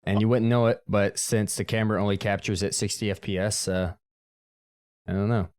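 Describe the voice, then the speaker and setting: A man's voice: on the low side, fairly even intonation, a little fast, a little mellow, smooth. A man hosting a podcast, chatting casually and joking, laughing often over a video call. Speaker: podcast host. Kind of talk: casual chat.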